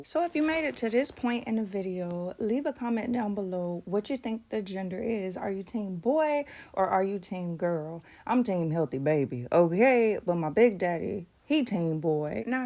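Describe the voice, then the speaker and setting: A woman, chatting playfully to viewers while doing her nails, pregnant and at ease. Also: mid-range voice. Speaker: nail tutorial vlogger. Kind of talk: casual tutorial chat.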